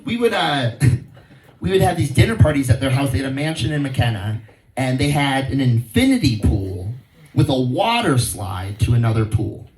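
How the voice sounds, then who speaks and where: A man's voice: mid-range voice, very animated, moderate pace, darkish tone, recorded from a distance. A man from Hawaii doing a stand-up comedy set, telling stories in a laid-back way and acting out the people he quotes in raised voices. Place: outdoor venue with a live crowd. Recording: echoey, from off-mic, audible crowd.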